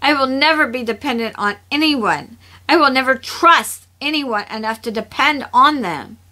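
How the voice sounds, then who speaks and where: A woman doing a fierce, guarded young woman with a sharp, scolding delivery. Her voice sits high and bright, part of a read-aloud story. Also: normal speed. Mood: defiant.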